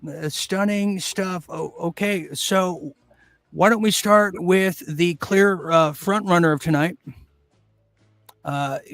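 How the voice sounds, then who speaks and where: A man hosting a mock quiz show, joking in a hammy, deadpan way with lots of fillers and pauses. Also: on the high side, no echo. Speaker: game show host.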